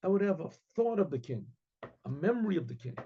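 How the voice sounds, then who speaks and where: A man's voice: high voice, big pitch swings, quick pace, slight background noise. A man voicing a humble, patient painter in a told story, speaking with courteous, earnest deference on a dull lo-fi recording. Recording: dull lo-fi sound.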